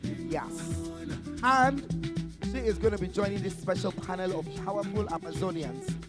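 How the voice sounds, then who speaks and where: A high-pitched man with a Nigerian accent emcees a live expo stage, teasing and hyping guests with playful sing-song flair. Music plays clearly behind him. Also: lively intonation, normal speed, long reverb tail. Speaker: event host. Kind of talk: lively live event emceeing.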